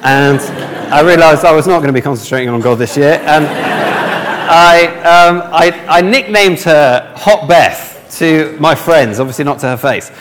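A man's voice: fairly high pitch, moderate pace, fairly bright tone. Man telling a funny story in a hall. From north of England. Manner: humorous, self-mocking, acts out dialogue. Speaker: speaker. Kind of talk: storytelling sermon. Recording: long hall reverb.

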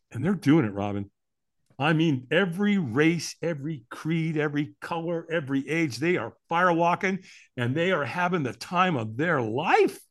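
A man being interviewed on a podcast, telling a personal story with emphatic, animated delivery and frequent rhetorical questions. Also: on the high side. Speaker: podcast guest.

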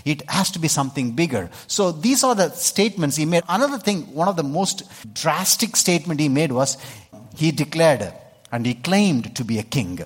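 A man's voice: fairly high pitch, lively intonation, normal speed, slightly rough. A man with an Indian accent preaching a sermon to a congregation, speaking emphatically and often checking in with his listeners. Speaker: pastor. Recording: long hall reverb.

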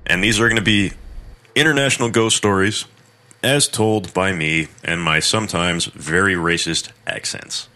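A man's voice: deep voice, normal speed, sharp tone. A man hosting a horror story podcast, narrating a folk tale with crude, irreverent joking asides.

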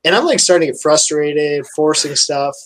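A man's voice: fairly high pitch, normal speed. A man guesting on a fishing stream, laid-back and casually swearing. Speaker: guest angler. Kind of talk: casual chat.

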